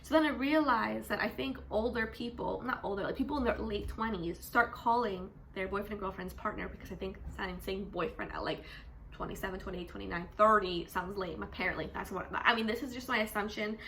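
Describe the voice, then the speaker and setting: A young woman from Canada talks casually to camera, chatty and animated, her voice bright and forward. Faint room hum sits behind her. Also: medium pitch, a little fast, gravelly. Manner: chatty, animated, says "like" constantly. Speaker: vlogger; teacher. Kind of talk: casual vlog chat.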